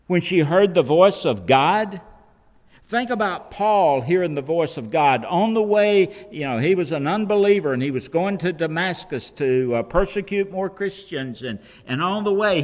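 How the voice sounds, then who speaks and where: A man preaching from the pulpit in a slow, deliberate cadence. His voice sits a little high and swoops up and down with emphasis, carried by the long reverb of a large church hall. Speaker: pastor. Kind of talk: sermon. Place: church sanctuary.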